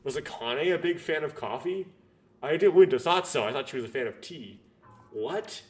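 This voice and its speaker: A man's voice: fairly high pitch, lively intonation, moderate pace, breathy edge. Man reading a game script aloud. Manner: reads every part in his own voice, with stumbles and self-corrections. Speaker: gamer reading a visual novel aloud. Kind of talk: reading all characters' lines aloud.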